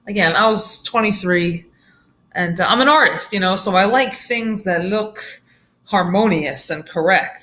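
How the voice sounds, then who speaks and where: A woman vlogger telling a storytime tale in a chatty, laughing way with lively asides. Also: mid-range voice. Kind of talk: casual storytime.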